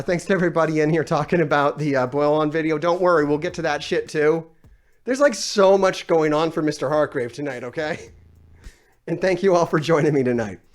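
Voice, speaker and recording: Man ranting profanely on a live stream. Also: a little high. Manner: exasperated, profane, sarcastic. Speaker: YouTube gaming commentator. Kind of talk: live-stream rant reading comments.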